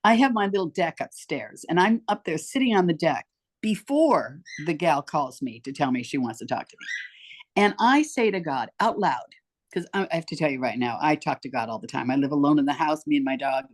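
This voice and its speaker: A woman in her eighties with a lowish voice that swoops up and down as she tells her stories. She chats casually as a podcast guest and puts on the voices of the people she quotes. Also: a little fast. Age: 80s. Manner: animated storyteller, acts out quoted voices. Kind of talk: casual storytelling interview. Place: home.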